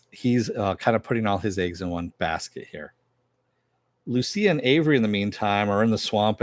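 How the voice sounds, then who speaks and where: A man's voice: lowish voice, no room sound. A man giving a rambling, offhand recap of a TV episode, swearing casually as he retells the plot. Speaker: TV episode reviewer.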